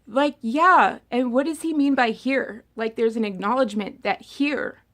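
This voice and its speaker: A young adult woman vlogger talking politics in a rambling, animated monologue that often repeats words. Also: on the high side, moderate pace. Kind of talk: casual opinion monologue.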